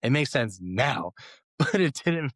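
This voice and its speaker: A man's voice: medium pitch, very animated, takes it slowly, fairly bright tone, no echo, clean studio sound. A man co-hosting a casual podcast chat, telling stories animatedly and acting out quotes with laughs. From Los Angeles. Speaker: guest cohost.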